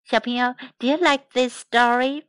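A woman teaching English to children, repeating each phrase slowly and clearly. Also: fairly high pitch, fairly even intonation, fairly bright tone. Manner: slow, clear repetition. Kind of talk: children's language lesson.

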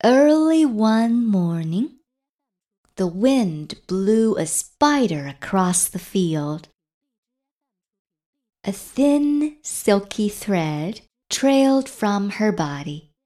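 A woman's voice: mid-range voice, very slow. A woman reading a children's picture book aloud in a playful, sing-song way. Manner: lively, sing-song read-aloud voice, playful animal sounds. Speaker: storybook reader.

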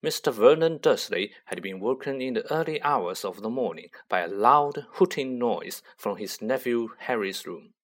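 Male audiobook narrator, mid pitch, wide lively melody. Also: normal speed, hardly any pauses. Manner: expressive, varied intonation. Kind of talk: scripted storybook narration.

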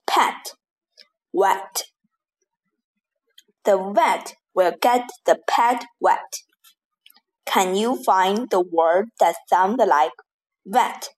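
A woman reading a rhyming-word lesson for children, saying each word slowly and deliberately. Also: medium pitch. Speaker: teacher reading rhymes.

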